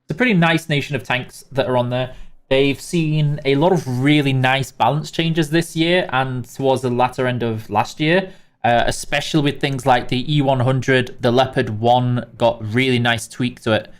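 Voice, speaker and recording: A man's voice: mid-range voice, steady tone, normal speed, smooth. A British man hosting a live game stream, reading out chat names and walking new players through the basics in a chatty way, with many fillers and restarts.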